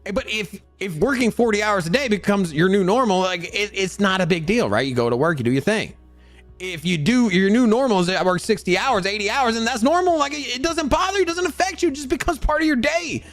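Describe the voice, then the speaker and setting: A man hosting a crypto show, ranting in a casual motivational way, animated and full of repeated words, acting out other people's voices. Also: high voice, a little fast, no echo, soft background music. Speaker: crypto channel host.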